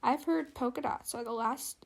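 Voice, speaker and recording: A woman's voice: sits high, normal speed, gravelly, background noise. Sardonic teasing young man, read by a woman. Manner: teasing, wry.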